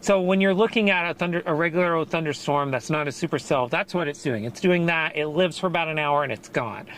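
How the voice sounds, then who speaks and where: Breathless male storm chaser, eager explainer, slightly high voice. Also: quick pace, slight background noise. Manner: excited, rambling explanations with laughs. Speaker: storm chaser streaming live. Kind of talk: live-stream explaining weather. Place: in and around a car outdoors during a storm.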